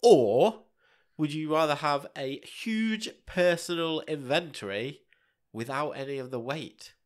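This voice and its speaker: A man with a cold and a husky, congested voice, co-hosting a casual chat podcast with dry, playful banter. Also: fairly high pitch, lively intonation, a little slow. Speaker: podcast co-host.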